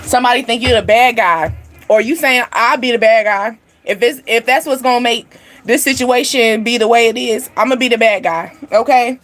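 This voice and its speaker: A woman giving a casual, animated tarot reading, laughing often and speaking straight to her viewers. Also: fairly high pitch, normal speed, soft background music. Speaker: tarot reader. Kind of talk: livestream card reading.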